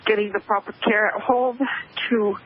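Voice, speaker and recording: A woman calling into a radio talk show, emotional and tearful, speaking haltingly over a muffled phone line. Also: mid-range voice, steady tone, slight background noise. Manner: halting, hesitant speech. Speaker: caller. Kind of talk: call-in radio conversation.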